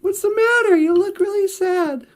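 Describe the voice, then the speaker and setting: A woman's voice: extremely high pitch, moderate pace, voice pushed up. A woman voicing a brash, chatty squirrel. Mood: brash, breezy. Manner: chatty, brash advice-giving. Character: cheeky male squirrel, blunt and wary of humans.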